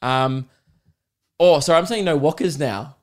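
A man's voice: a little high, measured pace. A young Australian man hosting a comedy podcast, rambling casually, swearing freely and cracking himself up. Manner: swears freely, self-amused, breaks into laughter.

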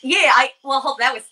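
A woman's voice: sits high, bright, forceful tone, poor audio. A woman hosting a podcast, chatting with her guest and gushing enthusiastically. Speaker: podcast host. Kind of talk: casual chat.

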